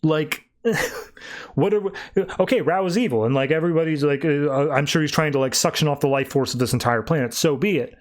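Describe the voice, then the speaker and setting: A man on a podcast recapping a comic, talking casually and acting out the characters in quick, animated quoted voices. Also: on the high side.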